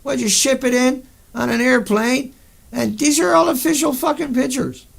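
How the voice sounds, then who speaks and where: A man with a raised, high voice roughened by heavy fry. He talks as a video host in a furious, profane rant that breaks into sudden outbursts. His anger carries through every line. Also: moderate pace. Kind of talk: angry monologue over pictures.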